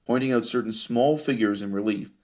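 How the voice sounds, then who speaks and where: In a mid-range voice with a darkish tone, a man lectures on ancient history, reading sources aloud and adding wry commentary. Rhetorical questions and drawn-out emphasis fill his delivery, and he laughs at his own source readings.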